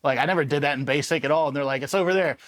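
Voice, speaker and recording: A man from Los Angeles, a former Army Ranger, telling war stories in a casual, animated interview and swearing freely as he acts out the people he quotes. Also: a little high, rapid-fire. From Los Angeles, USA. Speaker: Army Ranger veteran guest.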